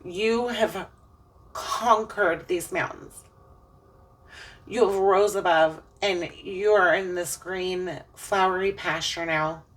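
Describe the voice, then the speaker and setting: A woman's voice: on the low side, steady tone, takes it slowly, far from the mic. A woman giving an earnest, emotional spiritual tarot reading, preaching about faith as she turns the cards. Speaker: tarot reader.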